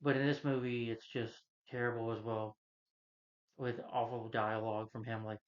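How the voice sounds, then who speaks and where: A man in the middle of a loose, rambling movie review, working through the plot with fillers at every turn. His voice sits at an ordinary middle pitch. The recording has a slightly muffled, lo-fi quality. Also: little pitch movement, moderate pace. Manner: loose, meandering retelling with many fillers. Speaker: film reviewer.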